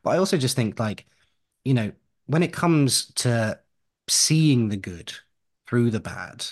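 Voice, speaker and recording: A man's voice: mid-range voice, very animated, unhurried. A man co-hosting a podcast from home. He chats casually, wanders off on tangents and laughs as he goes. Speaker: podcast co-host.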